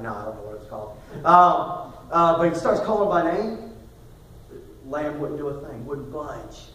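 A man preaching a sermon, telling a story in a quiet voice that rises into loud, emphatic bursts. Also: on the high side, animated, unhurried, pauses often. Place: church sanctuary. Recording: echoey hall recorded from far off.

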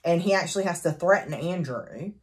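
A woman chatting casually as she recaps a novel for her book review, animated and full of fillers and laughs. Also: lowish voice, a little fast.

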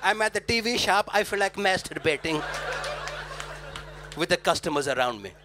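A blunt, lewd male shop customer, as a comedian puts him on, speaking flatly in a slightly lifted voice. Crowd noise from a live club fills the background. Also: sits high, normal speed, pitched above the performer's own voice. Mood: matter-of-fact.

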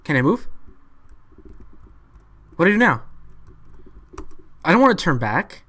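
A man doing live commentary as he plays a video game, excitable and talking to himself. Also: fairly high pitch, a little slow. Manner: excitable, talks to himself while playing. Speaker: let's play gamer.

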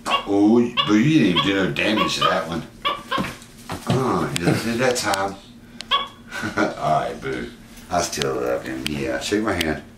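A man's voice: sits low, animated, slow pace, pauses often. A man talking affectionately to his pet at home, laughing often. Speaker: pet owner and channel host. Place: indoors at home. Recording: echoey room with background noise.

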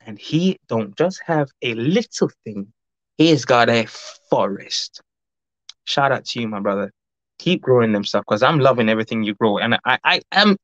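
A man hosting a casual livestream, reading out chat and greeting viewers by name, talking in a rambling, fast way. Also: mid-range voice, dry recording. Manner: rambling, warm greetings, frequent laughs; fast-talking, says his mouth runs fast. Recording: dull lo-fi dry recording.

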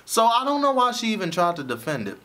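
A man's voice: sits high, huge pitch swings, fast talker, fairly bright tone. A man giving a casual, chatty recap of a TV episode, often laughing as he tells it. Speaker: show reviewer.

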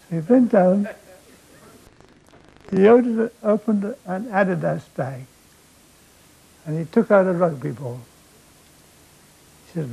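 An older man telling comic stories on stage in a rambling, deadpan way, with an audience laughing. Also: high-pitched, slow pace, creaky, long pauses, husky, poor audio. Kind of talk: stage storytelling.

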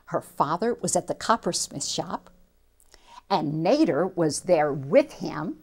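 Speaking slowly and expressively in a lowish, husky voice, a woman relates a missionary story to children, pausing for preachy asides aimed at her listeners.

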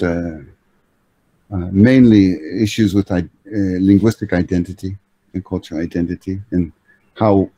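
Language expert, male, deep mellow voice, halting delivery, dry close sound. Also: no room sound, muffled recording. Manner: measured, hesitant, with frequent uh and restarts. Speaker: language-learning expert guest. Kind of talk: explanatory answers in conversation.

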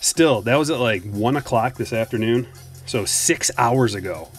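Slightly winded, this card break streamer rips open trading card packs live, cracking jokes and reading out and responding to his chat. His medium-pitched voice is expressive and moves at a moderate pace.

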